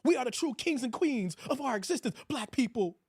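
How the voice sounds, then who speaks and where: A man's voice: very high voice, animated, fairly quick, slightly rough, no room sound, clean studio sound. Brash male commentary host. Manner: loud, mocking, talks to viewers, reads chat. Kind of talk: reaction commentary.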